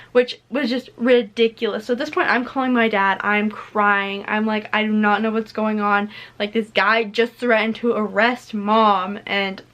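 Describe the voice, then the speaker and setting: A woman's voice: mid-range voice, fairly bright tone. A teenage girl telling a storytime vlog into her camera, chatty and full of "like" and "literally.". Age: teens. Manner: chatty, filler-heavy retelling with frequent "like" and "literally". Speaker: vlogger. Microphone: camera mic.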